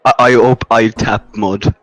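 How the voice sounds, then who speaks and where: A man's voice: fairly low pitch, steady tone, a little slow, a bit bright, no echo. A man playing a tabletop game, joking with stammering restarts. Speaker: player. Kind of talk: casual tabletop game play.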